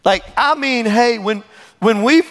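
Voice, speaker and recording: A man, the pastor, preaching a sermon in an animated way, laughing and breaking into asides. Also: extremely high pitch, measured pace, big-room sound.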